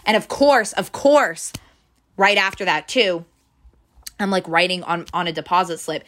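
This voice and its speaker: Young woman, casual storyteller, lowish pitch with a sharp bright tone, acts out quotes, lots of "like". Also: lively intonation, measured pace. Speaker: bank teller telling a story. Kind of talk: casual chat.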